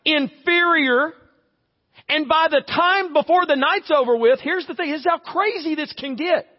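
A man's voice: very high voice, a little slow. A man preaching a conversational, humorous sermon as a pastor, acting out little everyday scenes. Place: church sanctuary. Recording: reverberant church hall, slightly dull audio.

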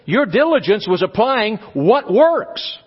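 A male pastor preaching a sermon, animated, acting out little dialogues as he goes. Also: high voice, slow, slightly rough. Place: church conference hall. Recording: dull live recording in a reverberant hall.

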